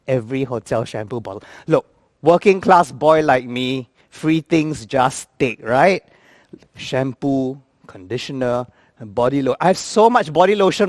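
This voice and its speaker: A man, telling comic travel stories in an animated, playful way and acting out the characters. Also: on the high side, dry recording, clean studio sound. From Singapore. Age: 50s. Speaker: actor. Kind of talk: comic storytelling.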